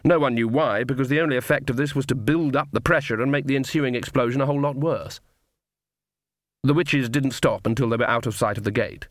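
A male audiobook narrator reads a scripted story in a measured, wry manner. His medium-pitched voice is studio quality, with no room sound.

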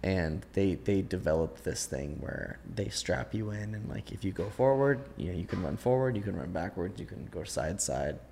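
A man's voice: deep voice, lively intonation, normal speed, gravelly, few pauses, warm tone, slight background noise. A man hosting a podcast, chatting casually and thinking aloud with lots of fillers. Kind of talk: casual chat.

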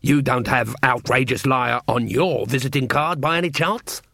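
A man voicing a roguish male dwarf adventurer who talks in a slow, dry, matter-of-fact way in an audiobook. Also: medium pitch, vocal fry, sharp tone, no echo. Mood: deadpan.

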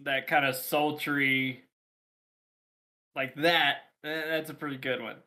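A man's voice: a little high, steady tone, slow, pushed and bright. A man co-hosting a casual podcast chat, teasing his friends. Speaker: podcast co-host.

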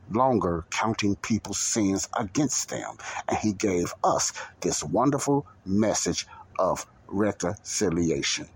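Male preacher, low husky voice, deliberate podcast Bible teaching. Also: low-quality recording. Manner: slow and emphatic, pausing between phrases.

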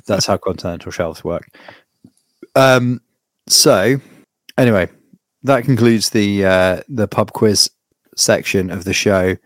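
A man's voice: lowish voice, slow, pauses often, dry recording. A man hosting a podcast, wry and dry, steering the segments in casual chat. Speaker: podcast host.

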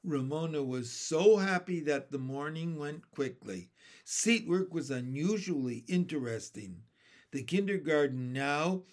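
A man reading a children's chapter book aloud in a calm, careful storytelling manner. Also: on the high side. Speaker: storybook reader.

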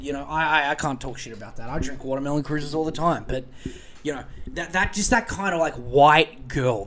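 An Australian man hosting a podcast in a profane, rambling comedic rant. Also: fairly high pitch. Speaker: podcast host.

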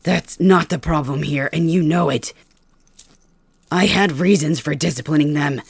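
Casting: woman playing a defiant, snarling young male captive king for ASMR role-play, low and dry. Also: measured pace, gravelly, husky, no echo, exaggerated voice. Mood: defiant pain. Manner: defiant, snarling, pained grunts.

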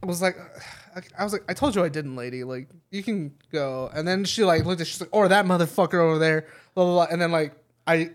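A man's voice: on the high side, brisk. A young man co-hosting a podcast, telling a story in a rambling way with lots of fillers, swearing and laughter. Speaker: podcast co-host. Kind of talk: casual chat.

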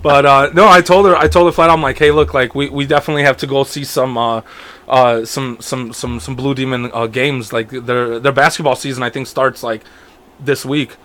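Laid-back young man, halting speech. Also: mid-range voice, steady tone, sharp tone. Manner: laid-back, hesitant, trails off with fillers. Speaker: podcast guest. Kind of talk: casual chat.

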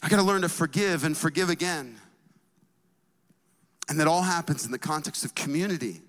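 Energetic pastor preaching in a reverberant hall. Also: male voice, on the high side, fairly quick. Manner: energetic, conversational preaching with casual asides. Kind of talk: sermon.

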